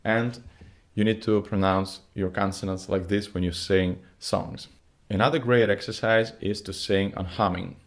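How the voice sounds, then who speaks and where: Male vocal coach, somewhat low voice; patient, step-by-step singing lesson delivery with slightly phrasing. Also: fairly even intonation, measured pace. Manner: non-native phrasing, patient step-by-step explaining.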